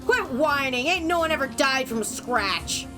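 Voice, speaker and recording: A woman reading game text aloud, voicing a fierce, vulgar old grandmother who talks in a gruff, scolding way. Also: high-pitched, animated, moderate pace, music in the background, pitched above the performer's own voice. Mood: furious.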